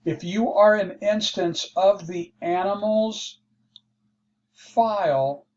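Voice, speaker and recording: A man teaching a programming lesson, walking through code slowly and thinking aloud as he explains. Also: high voice, a little mellow. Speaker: programming instructor. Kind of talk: screen-share coding lesson. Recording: dull lo-fi mic with faint hiss.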